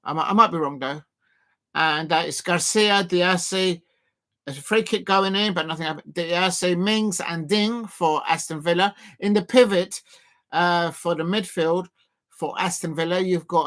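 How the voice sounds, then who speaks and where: A man hosts a casual football watch-along stream from his desk at home, speaking close to the mic. His voice sits a touch higher than most men's. He rambles, restarts sentences and fills gaps with ums while commenting on the match. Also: a bit bright. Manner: rambling, self-deprecating, many fillers and restarts.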